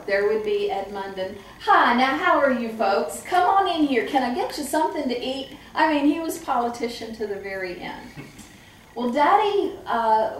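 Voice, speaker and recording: A middle-aged woman who trains staff at a memory care home, telling lively stories and acting out the voices of people she quotes. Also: fairly high pitch, slight background noise. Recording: echoey room, far from the mic.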